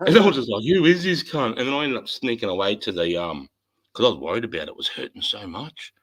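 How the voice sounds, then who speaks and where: An Australian man in his forties, telling a war story in a casual chat, animated and swearing a lot. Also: on the low side, fast talker, slightly rough, low-quality recording. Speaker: host.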